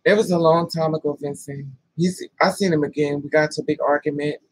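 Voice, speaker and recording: A man's voice: fairly high pitch, quick pace, husky, no room sound, rough recording. A man telling a personal story in a casual vlog, bluntly and with swearing, acting out what others said. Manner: lively storyteller, blunt and profane, acts out the other voices.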